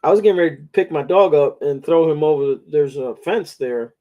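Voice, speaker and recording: A man's voice: on the high side, fairly quick, dark tone, lo-fi sound. A man hosting a casual talk show, telling long rambling stories with plenty of swearing. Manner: rambling, profane storytelling. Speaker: podcast host. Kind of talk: casual chat.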